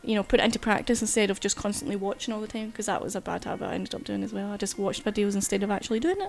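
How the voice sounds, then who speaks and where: Talking very fast in a creaky, level, medium-pitched voice, a woman artist rambles while streaming at her desk mic, swearing freely and using plenty of fillers.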